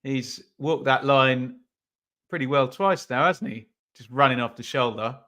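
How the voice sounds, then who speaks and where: A man's voice: medium pitch, measured pace, pushed and bright, muffled recording. A man running a live football watch-along, chatting casually about the match and reading out viewer comments.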